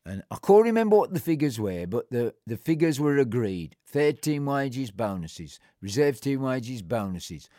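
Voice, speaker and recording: A man's voice: big pitch swings, moderate pace, few pauses, no echo. Blunt older man telling his story, dry sound. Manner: blunt, plain-spoken, colloquial; acts out remembered exchanges with shifting pitch and loudness. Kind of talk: recounting a personal story.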